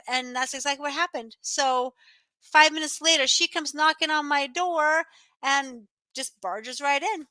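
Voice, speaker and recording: A woman in her thirties, an online teacher chatting casually to viewers from her home office over a webcam, animated and quick to laugh. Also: high voice, dry recording.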